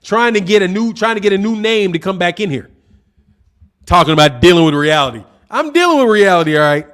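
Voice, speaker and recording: Boxing host, man, high voice, swooping delivery, combative and mocking, live-stream commentary. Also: fairly bright tone. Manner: combative, mocking, trash-talking. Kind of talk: live-stream commentary reading super chats.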